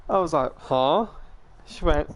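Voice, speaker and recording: A young British man hosting a casual game stream, telling stories to his viewers and calling them ladies and gentlemen. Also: fairly high pitch, expressive, measured pace. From Britain. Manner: chatty storyteller, addresses viewers as ladies and gentlemen. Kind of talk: casual gaming stream chat.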